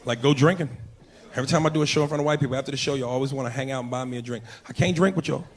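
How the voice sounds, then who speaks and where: A man's voice: mid-range voice, rapid-fire. Brash, profane male stand-up comic. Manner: loud, brash, profane, animated storytelling. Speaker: stand-up comedian. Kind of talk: stand-up comedy set.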